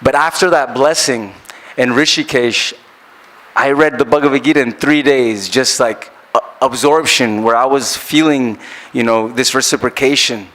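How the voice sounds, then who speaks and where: An earnest man recounts a personal memory in a reflective, halting manner, pausing to search for his words. He speaks at an ordinary middle pitch, sounding like a traveling kirtan singer sharing his own story. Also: fairly bright tone. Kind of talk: personal reminiscence.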